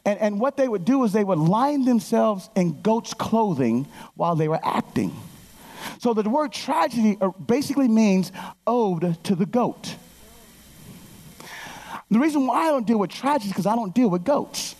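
Woman in her fifties preaching, voice jumps all over, lots of gravel, keeps asking the crowd if they're with her. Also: mid-range voice, moderate pace. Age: 50s. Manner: animated storytelling, calls out to the congregation. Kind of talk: sermon.

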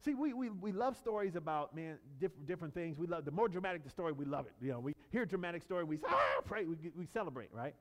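A male pastor delivering a sermon in a somewhat high voice whose pitch moves a great deal. He shifts from loud, driving emphasis to soft, low statements. He breaks into casual, story-style asides full of fillers and restarts. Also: expressive, fast, hardly any pauses, big-room sound. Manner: dynamic preaching, swinging from loud emphatic peaks to low quiet lines.

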